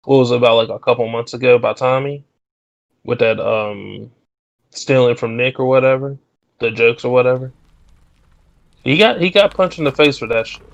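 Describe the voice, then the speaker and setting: A man co-hosting a casual commentary chat, talking loosely with halting starts and fillers. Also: medium pitch, vocal fry, no room sound, muffled recording.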